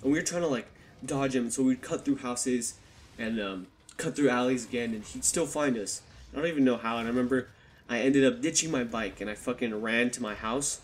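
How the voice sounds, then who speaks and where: Speaking a little fast at medium pitch, a young YouTuber tells a childhood story straight into a desktop USB microphone for a storytime vlog. He's casual and swears heavily, acting out the quotes of the people involved.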